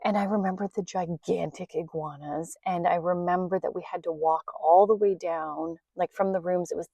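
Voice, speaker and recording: Middle-aged woman, podcast host; casual, chatty storyteller, somewhat low and warm, close dry sound. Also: steady tone, normal speed, gravelly, breathy edge, no echo. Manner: chatty, rambling, laughs often.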